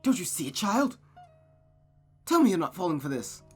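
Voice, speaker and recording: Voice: mid-range voice, lively intonation, normal speed, a little mellow, husky. A visual novel player voicing a possessive, manipulative mother who coaxes her daughter coldly, with faint guitar music behind. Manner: coaxing, cold, smothering.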